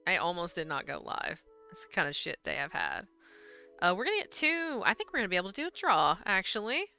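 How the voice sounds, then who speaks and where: A woman streaming a video game, chatting casually into a desk mic, swearing freely and swinging between low mutters and loud excited yelps. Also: normal speed, dull audio, faint music behind. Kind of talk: casual gameplay stream chat.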